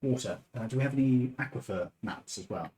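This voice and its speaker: A man's voice: mid-range voice, fairly quick, mellow, slight background noise. Methodical male player. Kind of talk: tabletop game play.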